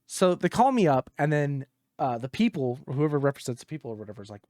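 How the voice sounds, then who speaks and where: A man co-hosting a gaming podcast, telling a story in casual chat, exasperated and profane, dropping low when he quotes others. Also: very animated, fast talker, darkish tone, dry recording, clean studio sound.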